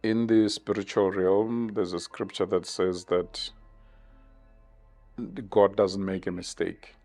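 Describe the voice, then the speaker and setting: Man from south africa, even-toned, thoughtful, lots of pauses and ums. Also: low-pitched, faint music behind. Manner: measured, thoughtful, with many pauses and fillers. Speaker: interview guest. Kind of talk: reflective interview answers.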